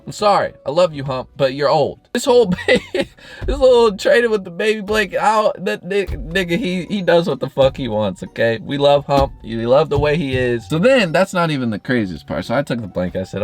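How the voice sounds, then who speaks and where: A young man, a YouTuber, telling a story in a casual storytime vlog, animated and profane, with his pitch jumping up and down. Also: brisk, faint music behind.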